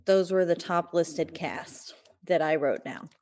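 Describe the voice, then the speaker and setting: A woman with a lowish voice co-hosting a podcast, talking in an unhurried, drawn-out way. She recaps a film in loose, rambling chat full of fillers and small laughs. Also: darkish tone. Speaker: podcast co-host. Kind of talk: casual movie recap chat.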